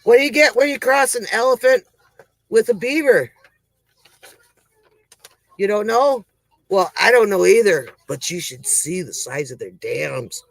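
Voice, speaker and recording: Male performer as a rambling, breathless country-woman comic host; high voice, slow, dry close sound. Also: animated, vocal fry, dry recording, exaggerated voice, low-quality recording. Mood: folksy. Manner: rambling, sighing between jokes. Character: folksy joke-telling country woman host. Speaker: comedy show host. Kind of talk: comic monologue.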